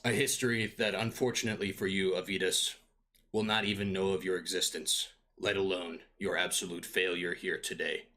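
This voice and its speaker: A man's voice: low-pitched, level tone, moderate pace, pushed and bright. A man voicing an ancient, menacing undead lord who makes grandiose telepathic proclamations. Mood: proclaiming.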